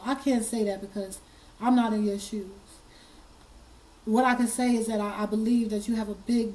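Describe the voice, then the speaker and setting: Hoarse, choked-up woman host. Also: mid-range voice, a little mellow, poor audio. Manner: earnest, choked up, repeats herself. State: hoarse, fighting tears. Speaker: commentary channel host. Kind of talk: emotional commentary.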